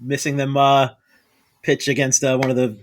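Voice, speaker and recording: A man's voice: medium pitch, completely flat delivery, slight background noise. A man joining a podcast as a guest, talking casually with hesitant fillers. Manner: quick, offhand, hesitant fillers. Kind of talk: casual chat.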